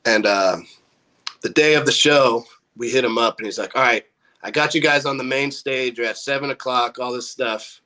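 He's a young band member from California, speaking at a moderate pace in a medium-pitched voice. His casual story is packed with swearing and lively acted-out quotes.

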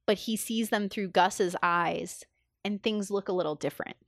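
A woman's voice: mid-range voice, moderate pace, no echo, studio quality. A woman in casual podcast chat, talking enthusiastically with lots of fillers and acting out quoted lines. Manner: enthusiastic, filler-heavy, acts out quoted dialogue.

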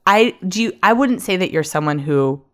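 A woman's voice: fairly low pitch, lively intonation, moderate pace. A woman co-hosting an advice podcast in casual chat, rambling and giggly with lots of fillers. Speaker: podcast co-host.

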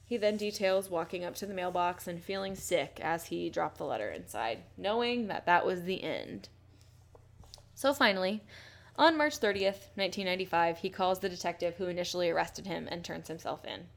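Woman with a low gravelly voice, chatty true crime podcast host, swears a lot. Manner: blunt and swears often, reads quotes aloud. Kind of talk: casual true-crime storytelling.

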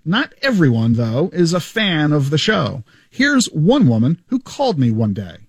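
A man hosts a radio show with a bright, high voice that leaps up and down as he tells his stories. The studio sound is dry and close, and he jokes his way through each anecdote. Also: unhurried, breathy edge, dry recording. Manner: animated, joking storyteller. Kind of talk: radio show retrospective monologue. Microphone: studio microphone.

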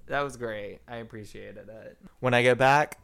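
A man co-hosting a podcast in casual chat, animated and giggly, swearing freely. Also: mid-range voice, moderate pace, gravelly, clean tone. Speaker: podcast co-host.

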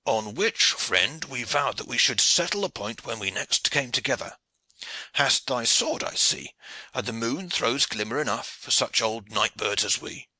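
A man's voice: mid-range voice, expressive, a little slow, sharp tone, no echo, voice pushed up, exaggerated voice. A man voicing a veteran English archer, boisterous and peppered with French oaths. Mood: hearty. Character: veteran male English archer, hearty and blunt.

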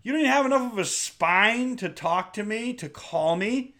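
A man's voice: high voice, animated, normal speed, hardly any pauses, sharp tone. Blunt, swearing man ranting casually. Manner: exasperated, blunt, heavy swearing. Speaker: podcast host. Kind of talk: casual profane rant.

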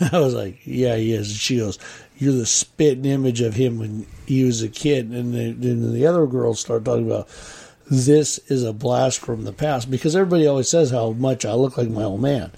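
A man's voice: medium pitch, moderate pace, gravelly, warm tone, breathy edge. A middle-aged man chatting casually as a podcast co-host, rambling through stories and acting out what others said. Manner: rambling, repeats himself, quotes others. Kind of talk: casual chat, storytelling.

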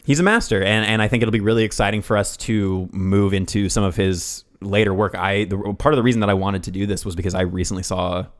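A man's voice: fairly low pitch, fast talker, hardly any pauses. A man co-hosting a casual podcast, reading film facts and riffing on them with loose, rambling asides. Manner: rambling, reads facts then riffs, swears. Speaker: podcast co-host.

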